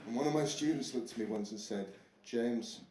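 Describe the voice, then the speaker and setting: Speaking fast in a mid-range voice, this young man works a live crowd with a chatty, self-deprecating stand-up routine that includes mock foreign accents. Audience noise fills the echoey club recording.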